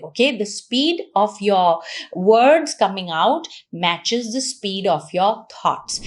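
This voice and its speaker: A woman from Punjab, giving fast, lively communication advice to camera with frequent little laughs and the odd Hindi phrase. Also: medium pitch. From Punjab, India. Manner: fast-talking, says so herself. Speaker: communication coach.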